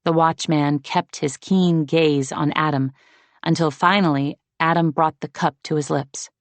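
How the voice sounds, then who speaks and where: There is no room sound as a woman reads an audiobook from a script. Her voice is low, and she narrates the story evenly and with measure.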